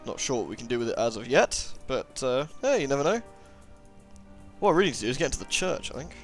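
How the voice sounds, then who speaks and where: A young man talking his way through an adventure game, tossing out wry, muttered jokes and asides. His voice sits in a middling register. Faint game music plays quietly underneath. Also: mid-range voice, big pitch swings, fast talker. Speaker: let's play gamer. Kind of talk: casual gameplay commentary.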